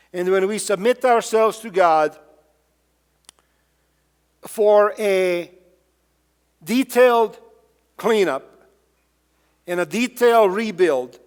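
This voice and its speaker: A pastor preaching a sermon, emphatic and fond of repeated rhetorical questions. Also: male voice, high voice, big-room sound. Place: church sanctuary.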